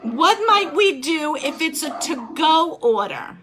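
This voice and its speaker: A woman's voice: high voice, lively intonation, slow, crowd noise. A woman teaching a life skills class over a video call, upbeat and encouraging as she quizzes her students.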